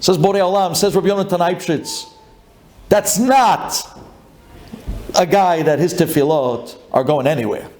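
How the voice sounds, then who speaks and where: Man, rabbi, sermon, fairly high voice, lively storytelling, roomy echo. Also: a little slow, long pauses. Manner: animated storytelling, acts out grumbling congregant, builds to shouting.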